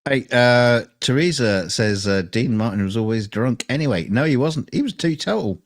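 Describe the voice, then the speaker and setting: A man's voice: mid-range voice, animated, normal speed, dry recording. A man co-hosting a casual chat, reading out viewer comments with an easygoing, hesitant manner. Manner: easygoing, dry, hesitant with fillers.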